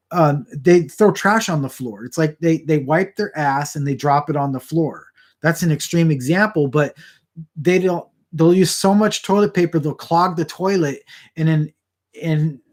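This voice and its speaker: A man talking casually to a camera about four feet away, rambling and restarting his sentences often. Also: on the high side. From Southern California. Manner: rambling, frequent restarts and stammered repeats.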